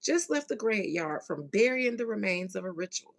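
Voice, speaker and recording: Her mid-range voice is gravelly and very animated as she delivers a casual commentary rant to her audience. Sarcasm runs throughout, with drawn-out emphasis on key words, slangy phrasing, and some mild cursing from this channel host.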